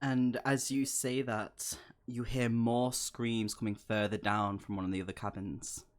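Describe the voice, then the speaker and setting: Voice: medium pitch, flat delivery, a little slow. A game master narrating a tabletop horror game in a loose, rambling way, full of "um" and "like".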